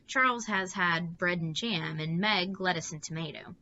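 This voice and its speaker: A woman voicing a calm, practical mother who reassures her children briskly and lightly. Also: lowish voice, lo-fi sound, slight background noise.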